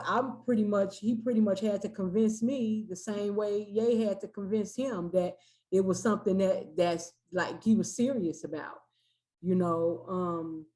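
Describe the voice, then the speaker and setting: A woman rapper in her forties, speaking slowly and thoughtfully as an interview guest. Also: medium pitch, a little mellow, poor audio. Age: 40s. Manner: measured and reflective, halting. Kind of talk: casual interview.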